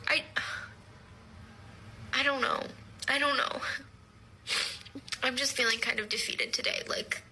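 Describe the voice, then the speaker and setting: A young woman telling a rambling, deadpan comic story from her own life. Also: sits high, unhurried, long pauses, a little hiss or hum, rough recording. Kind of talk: storytime vlog.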